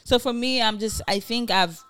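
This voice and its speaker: A woman's voice: on the high side, moderate pace, a bit bright, clean tone, no room sound. Encouraging woman podcast co-host. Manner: encouraging, reflective, talks with many fillers. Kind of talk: casual chat.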